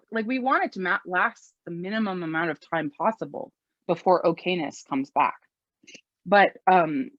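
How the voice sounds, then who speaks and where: A woman's voice: medium pitch, no room sound. Middle aged woman chatting about parenting tips, lots of like and um, kinda dull lo-fi sound. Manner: chatty, lots of "like" and fillers, acts out quoted phrases. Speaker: parenting speaker. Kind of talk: casual talk.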